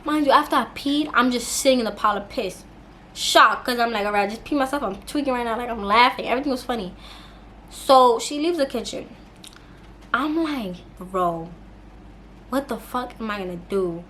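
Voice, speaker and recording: A young woman with a slightly high voice tells a storytime straight to camera. Her delivery is loose and animated, full of slang and casual swearing. A faint hiss of room noise sits under her voice. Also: brisk. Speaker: YouTuber.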